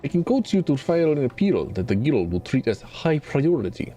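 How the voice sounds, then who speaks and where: Male streamer voicing a lilting, mysterious fortune-teller merchant, lively pitch. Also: soft background music. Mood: soothing. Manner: drops articles, slow mystical lilt. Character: mysterious middle-aged fortune teller, gently cryptic.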